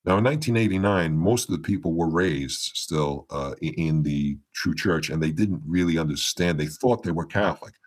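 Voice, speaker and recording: Very deep-voiced man telling a story. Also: moderate pace, few pauses. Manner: meandering retelling with many restarts, acting out quoted dialogue. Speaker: podcast guest. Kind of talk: storytelling in a casual interview.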